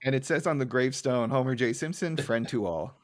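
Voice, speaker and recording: A man co-hosts a podcast in casual chat with a relaxed, halting delivery. He restarts sentences often and fills pauses with um and uh, in a mid-pitched voice. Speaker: podcast co-host.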